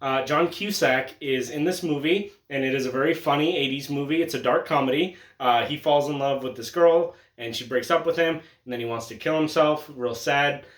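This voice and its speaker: A young man talks through his collection in a loose, joking vlog manner, swearing freely and breaking into laughs and loud excited outbursts. His voice sits fairly high for a man. The room around him is echoey, with a clear reverberant ring. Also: normal speed, few pauses. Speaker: collector showing his Blu-ray haul. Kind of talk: casual chat vlog.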